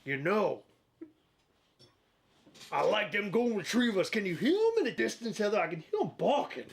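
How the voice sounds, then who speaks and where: A man's voice: high-pitched, sing-song, moderate pace, vocal fry, a little hiss or hum, full character voice. Man doing a drawling old cartoon hound, folksy, with an odd, unusual timbre.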